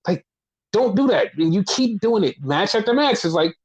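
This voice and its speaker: Man, wrestling podcast co-host, casual chat, rambling, swearing, animated retellings, fairly high voice. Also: moderate pace, husky, poor audio.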